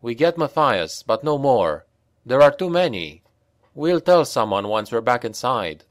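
A tired mercenary captain with a clipped, sarcastic way of speaking, put on by a male audiobook narrator. He keeps his orders short and his pitch lively, and the recording is close and dry. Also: unhurried, no echo. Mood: terse. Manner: curt and dryly sarcastic. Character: weary, wry male mercenary leader.

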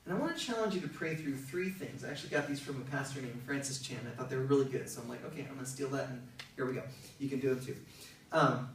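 A man's voice: medium pitch, fast, fairly bright tone. A male pastor preaching a sermon in a conversational, emphatic way. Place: church hall. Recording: very echoey, from far off, faint noise.

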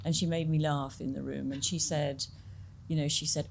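A middle-aged woman speaks as a guest in an interview. Her low-pitched voice has a gravelly edge, and she talks in a loose, chatty way, joking at her own expense. A faint background hum sits under the talk. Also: level tone, normal speed, a little mellow. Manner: chatty, self-deprecating, laughs often, many fillers and restarts. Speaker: film director, guest. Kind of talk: conversational Q&A interview.

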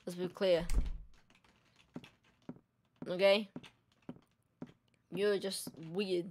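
A woman's voice: on the low side, steady tone, drawn-out words, a little mellow, slight background noise. A young woman playing a horror game and commenting in a joking, self-mocking way. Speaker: gamer. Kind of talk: let's play commentary.

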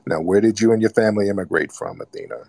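A man's voice: fairly low pitch, quick pace, a little mellow, no echo. A man hosting a live call-in broadcast, mocking and scolding a caller. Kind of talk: casual call-in radio talk.

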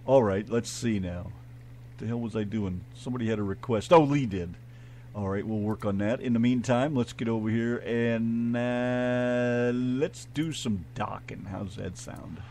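Rambling, profane American radio host. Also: male voice, medium pitch, unhurried, warm tone, slight background noise. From United States. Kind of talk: casual talk radio banter. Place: in a truck.

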